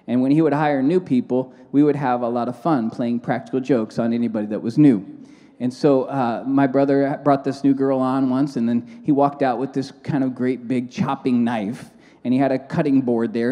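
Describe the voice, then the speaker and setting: A man preaching as a pastor, moving between fervent prayer and lively storytelling in a church. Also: medium pitch, normal speed, in a large hall. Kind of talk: sermon with prayer.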